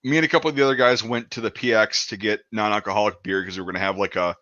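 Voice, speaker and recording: A man's voice: on the low side, steady tone, very fast, sharp tone, dry recording, muffled recording. A man in his thirties telling a rambling story in casual chat, swearing often and acting out quotes. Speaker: podcast host.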